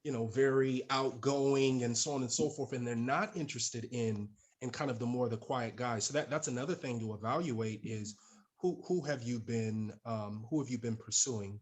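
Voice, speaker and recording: A man with an ordinary mid-range voice talks through an idea at an unhurried, thoughtful pace. He pauses and restarts as he thinks, in casual panel conversation. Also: mid-range voice. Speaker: panel guest.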